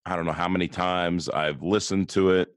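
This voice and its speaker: A man with a low voice and a West Coast American accent chats casually as a podcast co-host. He often leans on rhetorical questions. The sound is dry and close, with no room around it. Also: steady tone, moderate pace, dry recording. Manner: conversational, asks rhetorical questions.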